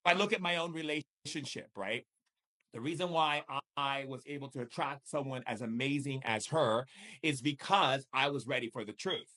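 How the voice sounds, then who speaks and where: A man's voice: medium pitch, moderate pace, pushed and bright. A man leading a live spiritual coaching session as a shamanic teacher, emphatic and repetitive, with pointed rhetorical questions.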